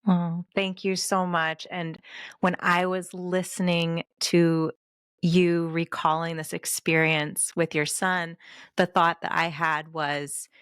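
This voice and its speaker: A woman hosting a podcast interview, speaking calmly and gently. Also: fairly low pitch, takes it slowly, smooth, no echo, clean studio sound. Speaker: podcast host. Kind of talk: conversational interview.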